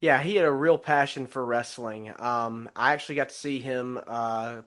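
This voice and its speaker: A man hosting a podcast interview, asking questions in a halting way with many fillers. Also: mid-range voice, a bit bright. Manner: halting, full of fillers like uh and you know. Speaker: podcast host.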